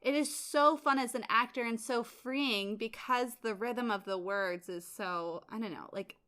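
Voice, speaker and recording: A young woman co-hosts a podcast with a bright, fairly high voice. She talks in a chatty way and pokes fun at herself as she goes. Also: measured pace. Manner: chatty, laughing, self-mocking. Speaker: podcast co-host. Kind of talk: casual chat.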